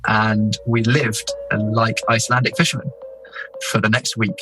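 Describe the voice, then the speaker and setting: A man from England, an explorer guest, telling a story in a casual, lively way. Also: lowish voice, unhurried, low-quality recording. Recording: music bed under voice.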